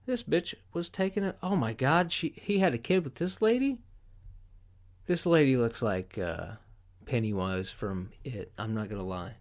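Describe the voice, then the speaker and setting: A man's voice: medium pitch, expressive, normal speed. Profane sarcastic man riffing on news. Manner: crude, profane, sarcastic riffing between read headlines. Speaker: podcast host. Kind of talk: casual news commentary.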